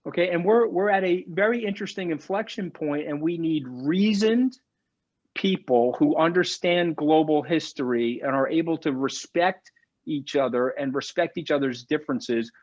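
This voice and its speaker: A man's voice: a little high, normal speed, darkish tone, dry recording. A man speaking as a webinar guest, fired up and preachy, over a video call microphone. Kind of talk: impassioned webinar talk. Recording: dull, dry lo-fi call audio.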